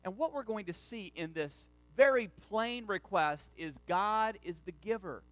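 High-voiced man preaching emphatically. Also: lively intonation, a little slow, low-quality recording. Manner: emphatic preaching, rising to loud stresses; asks the congregation to repeat lines. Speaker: pastor. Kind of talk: sermon.

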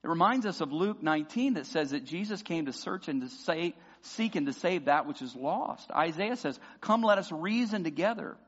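A man preaching a sermon as pastor, passionate and building to loud emphatic peaks. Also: on the high side, lively intonation, normal speed, few pauses, breathy edge. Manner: impassioned preaching, voices imagined prayers loudly. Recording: dull sound with long hall reverb.

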